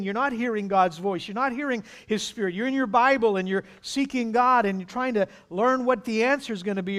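A man's voice: extremely high pitch, a bit bright. A man preaching a sermon as pastor, emphatic, acting out voices from the scripture. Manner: emphatic, acts out pleading voices.

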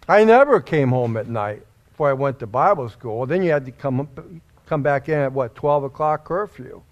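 A man preaching a sermon in a church, giving an emotional testimony that rises suddenly into loud, high bursts. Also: expressive, normal speed. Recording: dull lo-fi recording.

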